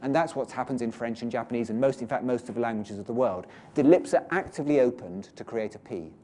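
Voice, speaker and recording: A man's voice: mid-range voice, quick pace, mellow. A man, teaching pronunciation and demonstrating sounds aloud as he explains.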